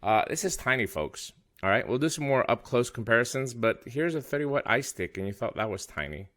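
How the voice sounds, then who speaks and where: A man's voice: mid-range voice, animated, fairly quick, a bit bright. A man from the United States, chatty, presenting a casual video review of a small device and laughing at himself. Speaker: product reviewer.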